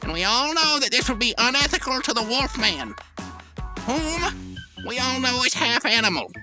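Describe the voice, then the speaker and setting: A woman's voice: high-pitched, very animated, normal speed, music in the background. A woman co-hosting a podcast, improvising a comedy sketch with sarcastic, mock-pompous remarks. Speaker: podcast co-host.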